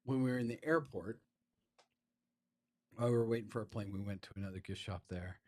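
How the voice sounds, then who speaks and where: A man's voice: on the low side, a little fast, a little mellow. A man co-hosting a podcast in casual chat, rambling through a story with many restarts and fillers. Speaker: podcast co-host.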